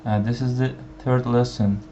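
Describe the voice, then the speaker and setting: A man whose first language is Turkish gives an online language lesson, speaking slowly with many fillers and repeating each example phrase. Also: mid-range voice, fairly even intonation, warm tone. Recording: dull lo-fi sound with faint background hiss.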